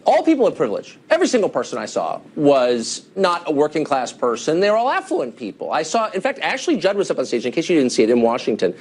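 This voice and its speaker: Fast, animated man interviewing sharply. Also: a little high, husky. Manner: pointed, sardonic questioning, laughing at times. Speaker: cable news host. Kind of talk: combative news interview. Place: television studio.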